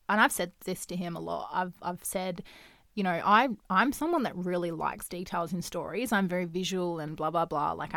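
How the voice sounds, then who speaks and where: A young adult woman hosting a casual solo podcast, talking in a chatty, animated way, acting out quoted dialogue and laughing often. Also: on the low side, dry recording, clean studio sound. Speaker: podcast host.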